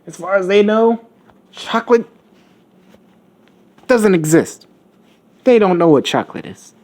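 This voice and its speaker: A man's voice: sits high, lively intonation, a little slow, a little mellow, pitched above the performer's own voice. A man doing a whiny teenage girl. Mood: dramatic. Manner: whiny, dramatic.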